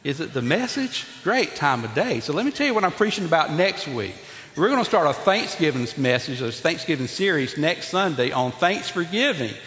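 Male pastor, lively preaching style, voice carries with a long hall reverb. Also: fairly high pitch, moderate pace. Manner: animated, talks to congregation, acts out Bible figures. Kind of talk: sermon. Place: church sanctuary.

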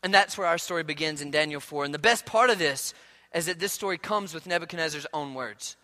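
A male pastor preaching a sermon in a relaxed, conversational storytelling way, often repeating words as he goes. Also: fairly high pitch, a little fast, in a large hall.

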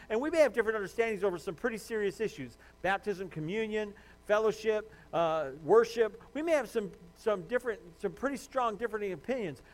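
A pastor delivering a sermon in a conversational way, repeating words and acting out little dialogues, slowing down to stress his main points. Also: sits high. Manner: conversational preaching with restarts and acted-out dialogue.

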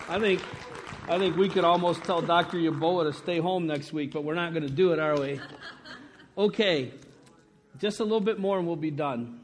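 A man's voice: fairly high pitch, moderate pace, some chatter behind, a little hiss or hum. A man preaching a sermon to his congregation, emphatic and conversational, often checking in with "right?". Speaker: pastor.

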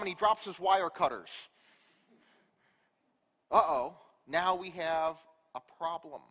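Male pastor, sermon delivery, high pitch, unhurried storytelling, reverberant hall. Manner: storytelling, rhetorical questions, big swings in loudness. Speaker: preacher.

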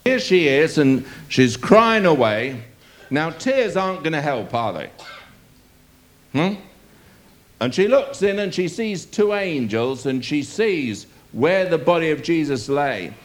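A man preaches a sermon, reading a scripture passage aloud and posing rhetorical questions to his listeners with animated delivery. His voice is a little high and he takes it slowly.

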